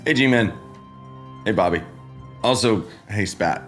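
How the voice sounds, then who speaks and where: Man, gamer live-streaming from home, congested morning voice, low-pitched, rambling chat, faint music behind. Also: takes it slowly. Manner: laid-back, rambling, greets chat by name. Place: home streaming setup with green screen.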